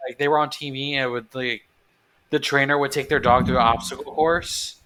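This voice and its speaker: A man's voice: mid-range voice, fairly even intonation, a little fast, pushed and bright, a little hiss or hum. A man co-hosting a podcast, chatting casually and hesitantly, breaking into easy laughter. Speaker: podcast co-host. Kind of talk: casual chat.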